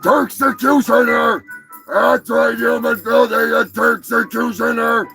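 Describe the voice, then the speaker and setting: A man's voice: very high-pitched, fairly even intonation, a little slow, gravelly, soft background music, rough recording. A man hosting a live stream, rambling and crude in a comedic chat. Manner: rambling, crude, mock-shouting.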